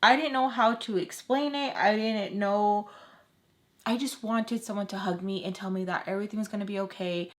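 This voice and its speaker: A woman vlogger retelling a personal story casually, emotional and halting, with repeats. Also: mid-range voice, fairly even intonation.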